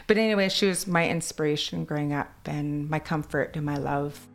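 A woman with a Kwakwala-influenced English accent, telling stories in a chatty, animated way during an interview. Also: deep voice, a little fast, creaky. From British Columbia, Canada. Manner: chatty, animated, quotes others in put-on voices. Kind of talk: casual storytelling chat.

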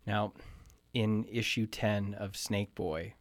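A man interviewing a guest in an improvised comedy piece, deadpan and probing, with hesitations, on a studio microphone. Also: on the low side, takes it slowly, no echo.

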